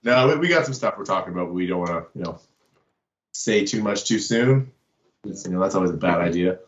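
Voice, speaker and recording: A man's voice: sits low, expressive, fairly quick, dull audio. A man in a band, guesting on a casual podcast, joking and teasing with the hosts. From Canada. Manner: joking, teasing, laughs often. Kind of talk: casual chat.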